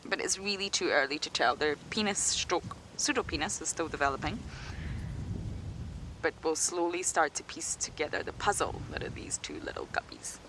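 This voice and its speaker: A woman's voice: lowish voice, noisy background. Chatty woman safari guide. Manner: chatty, laughing, drops to a whisper near animals. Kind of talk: live wildlife commentary. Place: outdoors on a game drive.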